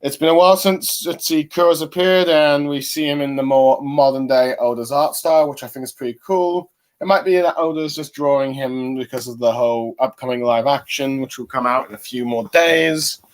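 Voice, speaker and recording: Man, host of a casual comic review, rambling, halting, lots of fillers, average pitch.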